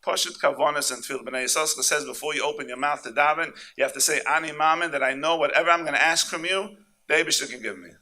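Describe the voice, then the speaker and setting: A man giving an impassioned sermon at a conference, peppered with Yiddish and Hebrew terms, swinging between loud fervent peaks and low confiding asides. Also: fast. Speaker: speaker at a conference.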